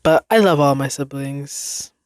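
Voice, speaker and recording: Young woman solo podcast host: slow, loose rambling delivery, self-deprecating, laughs a lot, dry close sound. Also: very deep voice, darkish tone, dry recording. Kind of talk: casual solo podcast chat.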